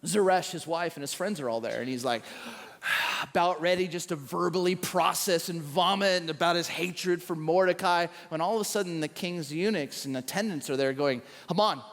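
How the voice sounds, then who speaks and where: High-voiced man pastor, lively storytelling sermon, recorded in a reverberant church auditorium. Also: moderate pace. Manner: animated storytelling with acted quotes. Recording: echoey large hall.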